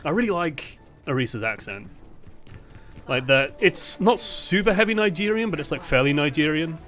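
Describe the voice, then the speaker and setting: Young man, casual esports analyst, bright voice, swears freely. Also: on the high side, moderate pace, soft background music. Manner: chatty, swears freely, animated asides. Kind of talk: casual match breakdown commentary.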